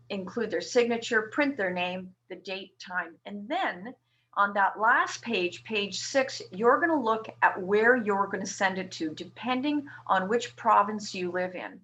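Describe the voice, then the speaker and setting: Woman nurse from Canada, bright-toned, patiently walks listeners through a form in a webinar. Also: medium pitch, highs cut off. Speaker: ostomy nurse presenter. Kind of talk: webinar presentation.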